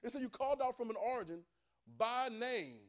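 High-voiced male preacher teaching scripture, emphatic and repetitive, calls listeners to answer. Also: lively intonation, a little fast. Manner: emphatic, repeats phrases, calls for responses from listeners. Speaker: preacher teaching a Bible class. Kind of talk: sermon.

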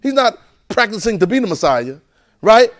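At a church training center, a man delivers a sermon to a class, animated and repetitive, firing off rhetorical questions. His voice is high and his speed is normal.

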